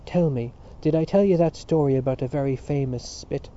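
A man doing a proud, slow-scorning nationalist. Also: medium pitch, dark tone, dull audio, slight background noise, natural voice. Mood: indignant.

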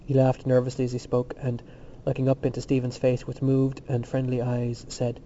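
A man narrating a literary novel in a steady, measured reading. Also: medium pitch, highs cut off, slight background noise. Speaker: audiobook narrator.

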